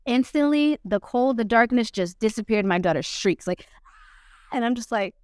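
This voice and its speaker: A young woman telling a story as a podcast guest, in a blunt, slangy way with lots of swearing, acting out quotes with big swings in pitch. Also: expressive, normal speed, clean tone, no room sound, studio quality. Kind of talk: casual storytelling.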